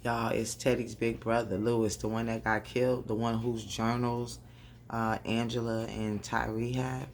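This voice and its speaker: A woman doing a casual, animated recap of a TV episode, talking straight to her viewers and laughing often. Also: extremely low pitch, moderate pace, a little hiss or hum. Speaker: TV recap vlogger. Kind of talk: casual chatty show recap.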